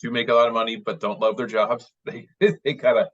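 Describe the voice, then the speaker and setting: A man's voice: medium pitch, level tone, brisk, breathy edge. A man in his late forties, a guest baseball writer, talking casually in an interview, chatty and rambling with many fillers and restarts. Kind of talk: casual interview over video call. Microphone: video call. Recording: dull lo-fi video call audio.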